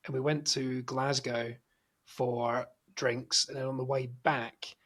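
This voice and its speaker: A man's voice: mid-range voice, little pitch movement, slow pace, a bit bright, breathy edge. A man in his thirties hosting a podcast, chatting through anecdotes over a video call. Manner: chatty anecdotes with filler words. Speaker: podcast host. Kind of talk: casual chat.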